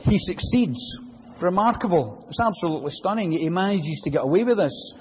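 A man preaching a sermon in a church, animated and full of rhetorical questions. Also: high-pitched, brisk, breathy edge, big-room sound, lo-fi sound.

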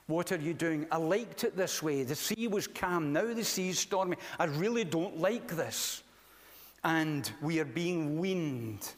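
Preacher in a reverberant hall. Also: male voice, on the high side. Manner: conversational, with many fillers and restarts. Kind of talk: sermon. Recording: long reverb of a large hall.

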